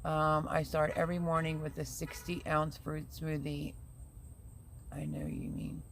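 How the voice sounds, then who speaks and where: A woman's voice: low-pitched, level tone, measured pace, creaky, background noise. A woman hosting a casual live stream who vents chattily and reads viewer comments aloud. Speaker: livestream host.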